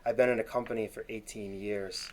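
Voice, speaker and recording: A man's voice: on the low side, steady tone, fairly quick, a little mellow, a little hiss or hum. A man in his late thirties, a podcast guest, telling candid stories with a joking edge in casual conversation over a video call.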